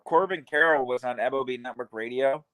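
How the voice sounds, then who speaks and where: A man's voice: mid-range voice, a little fast, sharp tone, no echo, rough recording. A man co-hosting a casual baseball watch-along podcast, talking loosely and filling his sentences with "like.". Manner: loose and chatty, lots of "like" fillers. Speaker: podcast co-host. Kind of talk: casual sports chat.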